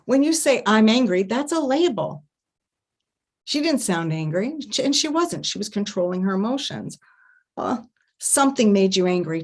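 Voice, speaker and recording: A woman with a somewhat low voice talks through an online workshop on intimacy. She is animated and expressive, stretching some phrases out slowly and breaking into hums and murmurs to show what she means. Her delivery is loose and conversational, with frequent laughter. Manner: animated storytelling, laughs often. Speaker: intimacy coach and festival presenter. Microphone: home setup, online stream.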